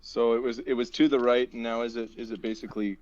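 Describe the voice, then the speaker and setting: On dull, lo-fi voice-chat audio, a man plays a tabletop game. He has a medium-pitched, fairly even, slightly mellow voice and talks fast, but hesitates and repeats words while working out his plan.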